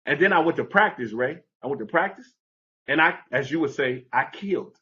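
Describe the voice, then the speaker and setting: A man telling a personal story as an interview guest, animated and conversational, acting out the people in it. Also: on the high side, a little fast, highs cut off.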